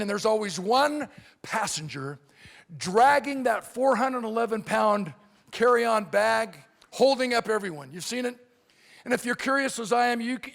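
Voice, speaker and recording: A man's voice: high-pitched, vocal fry. A middle-aged man giving a keynote speech as a motivational speaker, telling comic stories and acting out the people in them in quoted voices. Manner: animated, acts out characters in quoted voices. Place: convention hall.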